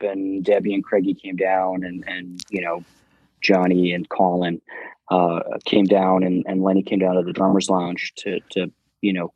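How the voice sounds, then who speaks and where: A man, a guest on a talk show, telling animated casual anecdotes and swearing freely. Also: low voice, husky, dry recording, low-quality recording. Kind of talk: casual storytelling.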